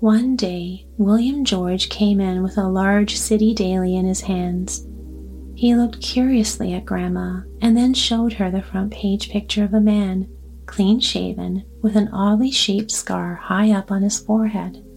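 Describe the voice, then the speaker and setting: A woman narrating a bedtime story in a soft, slow, calm way. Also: mid-range voice, creaky. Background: soft background music.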